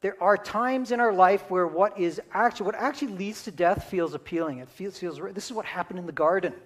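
A man's voice: high-pitched, fairly quick. A man preaching a sermon in a conversational teaching manner, often checking in with his listeners. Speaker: pastor.

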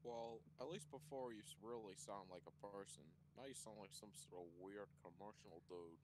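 A man's voice: fairly low pitch, normal speed, background noise. A man cracking dry jokes in a casual chat with friends over a call. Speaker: friend joining a dub.

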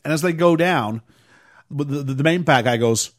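A man casually recapping a movie on a podcast, telling it with lively energy and acting out lines in high voices. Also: normal speed. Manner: animated storytelling, acts out quotes in raised voices.

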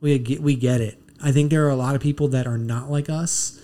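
A man's voice: medium pitch, steady tone, fairly quick, dark tone. A tired man co-hosting a podcast, ranting bluntly and swearing often in casual chat. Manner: profane, blunt rants with restarts. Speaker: podcast co-host.

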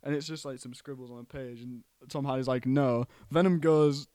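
A man co-hosting a podcast, recapping a film plot in an animated, casual way with plenty of swearing. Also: mid-range voice, brisk, no echo, clean studio sound. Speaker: podcast co-host.

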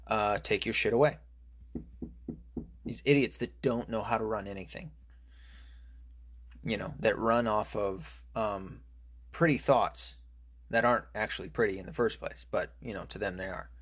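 A man delivering an angry, profane political rant, full of fillers and restarts. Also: on the low side. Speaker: political commentator.

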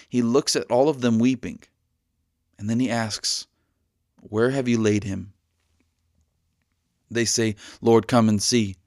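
A man preaching an earnest podcast sermon, slowing down at key lines to let them land. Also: mid-range voice, no room sound, clean studio sound.

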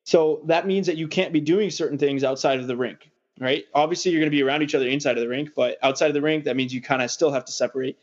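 A man hosting a casual sports podcast, rambling and joking in an animated way. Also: on the high side, fast talker, highs cut off. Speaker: podcast host.

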